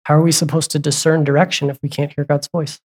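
A pastor preaching a sermon in a conversational way, asking the congregation question after question and breaking off for asides and quick corrections. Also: mid-range voice, little pitch movement, slightly rough. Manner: asks the congregation repeated questions.

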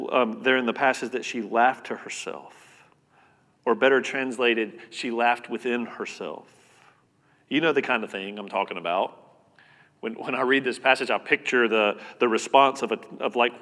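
A man preaching a sermon as pastor, earnest and conversational, repeating words and swinging between loud and soft. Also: mid-range voice. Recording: long reverb of a hall.

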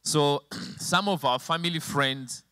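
A man's voice: fairly high pitch, takes it slowly, bright, forceful tone, clear, resonant tone, no room sound. Emotional male preacher, dry sound. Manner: emotional storytelling, voice rising and falling sharply. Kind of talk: sermon with personal testimony. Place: church with slides and a helper at the computer.

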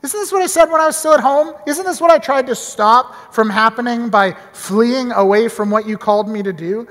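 A man's voice: extremely high pitch, big pitch swings, slow, sharp tone, in a large hall, exaggerated voice. A man voicing a petulant, angry male prophet who complains at God in an exasperated, whiny way. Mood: indignant.

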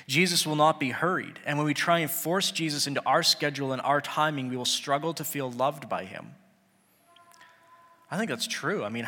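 A man's voice: mid-range voice, bright, forceful tone. A man preaching a sermon in an earnest, conversational way, sometimes acting out the people in the story. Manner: earnest, conversational, acts out biblical characters. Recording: long hall reverb.

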